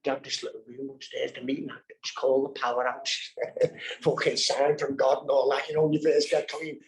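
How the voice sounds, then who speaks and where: A man's voice: medium pitch, flat delivery, fairly quick, low-quality recording. A man with a Scouse accent from Birkenhead, telling his story candidly and bluntly at a live recovery workshop, swearing freely. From Birkenhead, England. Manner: blunt and profane, heavy swearing. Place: live convention hall.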